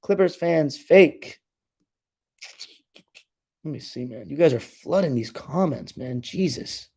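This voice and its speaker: A man's voice: a little high, expressive, slow pace, vocal fry, darkish tone, husky. A young man hosting a casual live stream, reading comments aloud and trash-talking his viewers.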